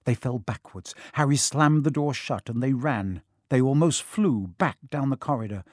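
A man's voice: mid-range voice, moderate pace, no echo, studio quality. Man reading a dramatic audiobook. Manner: dramatic storytelling. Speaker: narrator.

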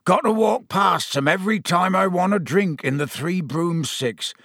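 A man voicing a huge, soft-hearted male gamekeeper who talks in a broad rustic dialect. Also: sits high, moderate pace, dry recording, studio quality, pitched above the performer's own voice. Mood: gloomy.

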